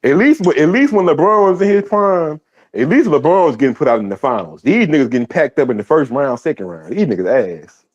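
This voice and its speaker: Blunt cussing guy ripping on players, slightly high voice, dull muffled audio. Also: big pitch swings, a little fast. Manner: blunt, profane, dismissive. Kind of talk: casual sports banter.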